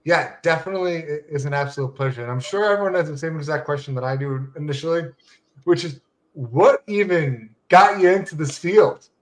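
A man hosts a podcast in a relaxed, conversational tone. His voice sits a little high for a man. He wanders into friendly asides while steering the talk. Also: fairly quick. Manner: conversational, chatty, rambling asides. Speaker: podcast host. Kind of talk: casual interview chat.

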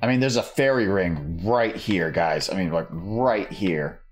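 Low-voiced man chatting on a game stream. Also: measured pace, breathy edge, soft background music. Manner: chatty, joking. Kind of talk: casual live-stream chat.

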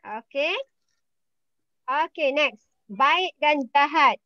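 A woman's voice: sits high, slow pace, no room sound, lo-fi sound. A woman with a Malaysian accent teaching English in an online class, patiently repeating words and calling names. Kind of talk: online class roll call and vocabulary quiz.

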